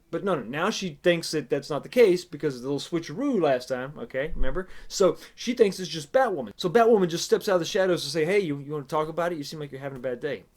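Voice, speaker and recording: Sarcastic man reviewing a TV episode. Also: on the high side. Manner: sarcastic, exasperated, rambling with fillers. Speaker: TV show reviewer. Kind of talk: casual spoken episode review.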